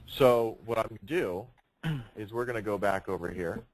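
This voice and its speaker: A man's voice: fairly low pitch, moderate pace. Emphatic male sales trainer. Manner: emphatic, projecting, asks rhetorical questions. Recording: noisy room recording.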